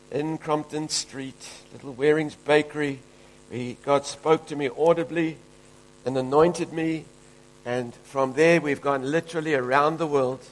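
A man's voice: on the high side, rough recording. A man from Africa, preaching a fervent, emphatic sermon as pastor. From South Africa.

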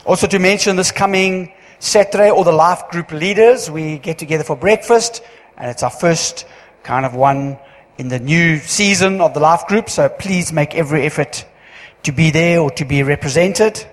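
A man giving church notices as pastor, chatty and joking, with halting restarts. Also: a little high. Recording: long hall reverb.

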